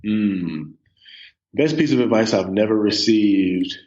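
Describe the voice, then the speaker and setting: A man's voice: on the low side, slow pace, a little mellow, lo-fi sound. A man in his thirties, a podcast guest chatting casually in a laid-back way, with lots of ums and you-knows. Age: 30s. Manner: laid-back, filler-heavy with many um and you know. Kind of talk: casual interview chat.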